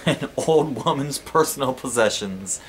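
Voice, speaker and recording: A man hosting a let's play, telling a story in a chatty, animated way over gameplay, swearing casually. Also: mid-range voice, a little slow, heavy background noise. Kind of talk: casual gameplay commentary and anecdote.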